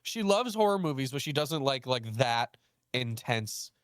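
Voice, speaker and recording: Speaking in an unhurried, clear and resonant voice, this young man hosts a casual conversation and relates a story, playing both parties in the exchange. He's animated, jumping in pitch as he acts out the quoted lines. The sound is dry and clean, like a studio.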